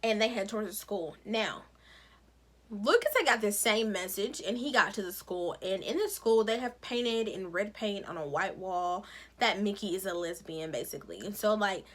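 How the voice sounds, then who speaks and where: A woman recapping a TV episode with sassy, animated commentary. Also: medium pitch, moderate pace. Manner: sassy, expressive storytelling with playful asides. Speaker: recap vlogger.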